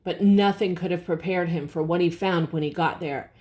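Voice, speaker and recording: An older woman reading a picture book aloud to her grandchildren, gently explaining words and pointing out the pictures. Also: fairly low pitch, moderate pace. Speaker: storybook reader.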